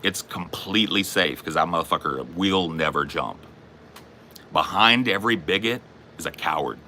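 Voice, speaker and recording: A man's voice: sits low, animated, moderate pace, sharp tone, slight background noise. A man hosting a comedy show, taunting and profanely ranting in an aggressive, confrontational way. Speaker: comedy podcast host. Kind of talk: aggressive comic rant.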